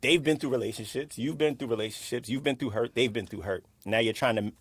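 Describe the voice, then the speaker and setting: A middle-aged man co-hosting a podcast in casual chat, halting and repeating words as he searches for what to say. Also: mid-range voice, husky, no room sound. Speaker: podcast co-host.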